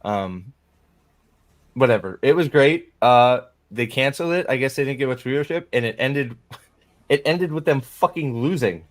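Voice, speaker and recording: A middle-aged man from California chatting casually as a streamer and podcast host, excitable and profane, rambling with many restarts. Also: mid-range voice, normal speed. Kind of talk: casual chat.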